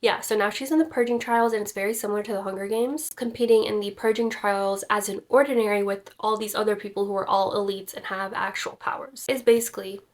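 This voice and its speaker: A woman's voice: mid-range voice, steady tone, fast talker, hardly any pauses. A young woman chatting casually in a book vlog, gushing and rambling with lots of filler words. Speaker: book vlogger. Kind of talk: casual reading vlog chat.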